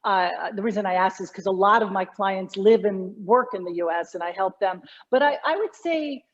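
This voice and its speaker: A woman's voice: mid-range voice, moderate pace, dull audio. A middle-aged woman, a communication coach, explaining her work animatedly in an interview, often restarting her sentences. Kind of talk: conversational interview.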